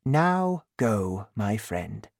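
Brief: gentle old bishop, calm and kind, slow lively delivery as a reader puts him on. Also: medium pitch, gravelly, no room sound, studio quality, full character voice.

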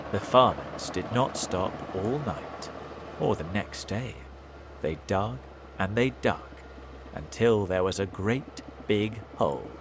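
A man reading a children's storybook aloud in an expressive manner. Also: fairly low pitch, a little hiss or hum. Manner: animated, expressive read-aloud delivery. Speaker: narrator.

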